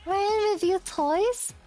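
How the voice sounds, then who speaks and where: A woman's voice: extremely high pitch, warm tone. Giggly woman streamer with a childlike voice. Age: young adult. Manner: giggly, teasing back at chat. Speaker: VTuber streamer. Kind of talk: casual live-stream chat.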